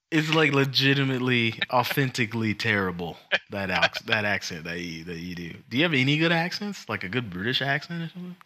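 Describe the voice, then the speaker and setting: A man co-hosting a casual podcast, joking and teasing, often trailing off softly. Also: mid-range voice, brisk, few pauses. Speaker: podcast co-host. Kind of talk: casual chat.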